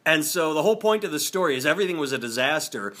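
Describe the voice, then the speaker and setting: Rambling bright-voiced man telling a story. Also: fairly high pitch, lively intonation, fast. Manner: rambling, laughs a lot, restarts often. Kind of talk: casual storytelling chat.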